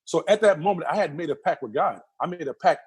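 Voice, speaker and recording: A man, a guest in an interview, tells a personal story in an animated way, repeating phrases and acting out the sounds. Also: on the high side, quick pace, breathy edge.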